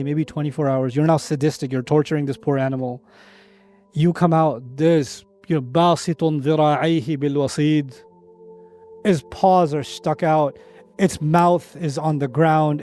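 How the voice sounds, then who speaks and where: A man with a bright, high-pitched voice lectures on faith in a lively, conversational way, trading rapid Arabic recitation for plain-spoken stories and asides. Soft music plays faintly underneath. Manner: animated, conversational, with asides and analogies. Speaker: Islamic lecturer. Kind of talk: religious lecture.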